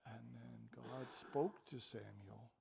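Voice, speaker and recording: An older man, a visiting preacher in a church, telling a Bible story to children in an animated way and asking them questions. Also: mid-range voice, takes it slowly, gravelly, slight background noise.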